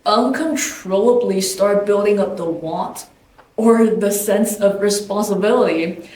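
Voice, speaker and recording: A woman giving a candid, thoughtful personal reflection as a documentary interviewee. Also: mid-range voice. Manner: candid, thoughtful, with casual fillers. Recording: roomy distant mic. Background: soft guitar music.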